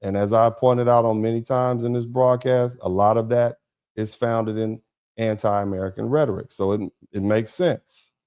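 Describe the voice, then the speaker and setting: A man's voice: on the low side, fairly even intonation, moderate pace, darkish tone, clean tone. A man hosting a political commentary livestream, talking emphatically with lots of repetition. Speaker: host of a commentary broadcast.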